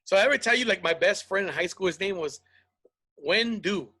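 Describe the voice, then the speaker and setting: A man hosting a comedy podcast in loose, joking talk that leans on profanity and teasing. His voice sits high and comes across bright and forceful. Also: animated, a little fast, breathy edge. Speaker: podcast host. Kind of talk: casual comedic chat.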